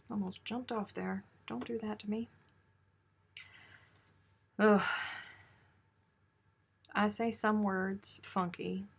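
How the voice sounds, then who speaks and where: A woman's voice: medium pitch, gravelly, a bit bright, slightly rough. A woman hosting a crochet live stream, chatting casually and teasing as she reads viewer comments aloud.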